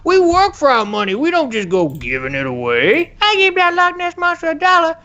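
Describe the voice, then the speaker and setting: A man doing a comic impression of an older male cartoon dad who tells rambling stories in a high squeaky drawl. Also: wildly swooping pitch, a little fast, bright, forceful tone, muffled recording, heavily acted. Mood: rambling indignant.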